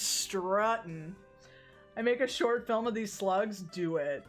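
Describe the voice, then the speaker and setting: Chatty lady streamer just talking while she plays, middle pitch, reading stuff off screen, little music in back. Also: slow pace. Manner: chatty, joking, reads game text aloud. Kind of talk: casual live-stream gameplay chat.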